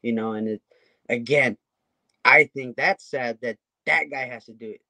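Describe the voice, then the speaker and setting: A man with a mid-range voice co-hosts a relaxed talk. He speaks in an animated way and keeps asking rhetorical questions. The recording is dry. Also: mid-range voice, normal speed, creaky, no room sound. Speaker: podcast co-host. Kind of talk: casual conversation.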